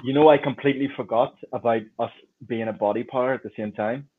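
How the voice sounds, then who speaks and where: A man's voice: medium pitch, fairly even intonation, fast, a crowd in the background. Man hosting on a tinny line. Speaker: podcast host. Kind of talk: casual chat. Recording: tinny phone-like audio.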